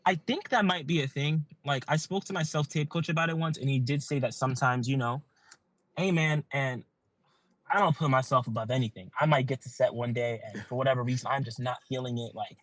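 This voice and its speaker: A man's voice: medium pitch, brisk, dry recording, poor audio. Earnest young man telling a story. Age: young adult. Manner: earnest storytelling, many likes and you-knows. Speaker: guest actor. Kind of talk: casual podcast chat.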